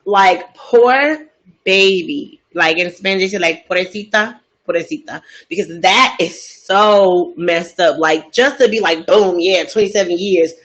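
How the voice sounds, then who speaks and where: A woman host telling a story in a casual, gossipy way, chatty and expressive, asking many rhetorical questions. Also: fairly low pitch, takes it slowly, rough recording.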